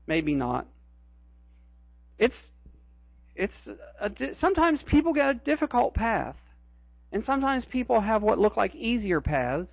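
A man's voice: very high-pitched, sing-song, unhurried, dry recording, lo-fi sound. A middle-aged man preaching a sermon as a pastor, earnest and emphatic, repeating his key phrases.

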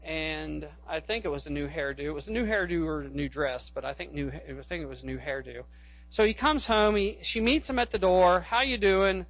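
A man's voice: fairly high pitch, expressive, brisk. A male pastor preaching a sermon, a rambling storyteller who corrects himself and rises to fervent appeals. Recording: dull lo-fi recording.

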